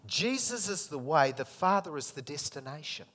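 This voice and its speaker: A man preaching a sermon, acting out scripture dialogue and swinging between loud emphatic lines and soft intimate ones. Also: fairly high pitch, sing-song, normal speed.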